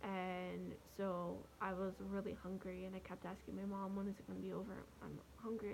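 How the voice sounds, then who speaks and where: Young woman vlogger, gravelly fry, soft and halting, faint hiss behind. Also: mid-range voice, level tone, poor audio. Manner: soft, halting, with many pauses and fillers. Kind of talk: personal storytelling to camera.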